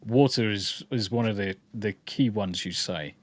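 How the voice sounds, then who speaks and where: A man from the English Midlands, whose mixed English accent leans partly southern, co-hosts a podcast in casual conversation. He reads comments and rambles through jokes, repeating words, in a lowish voice that's a little slow, with no room sound.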